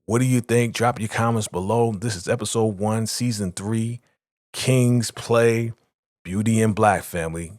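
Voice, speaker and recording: A man with a lowish voice retells an episode in a casual recap, jumping into quick acted-out lines for each character. The recording is dry and close, with no room sound. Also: darkish tone, dry recording. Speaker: show recap host.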